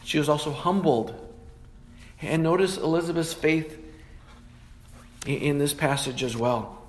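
A man's voice: a little high, a little slow. A man preaching a sermon, teaching through scripture and often stopping to correct himself. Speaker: pastor.

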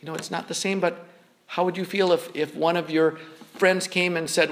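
A man's voice: a little high, level tone, normal speed. A man preaching a sermon as pastor, speaking in an earnest, conversational way and often repeating words as he goes.

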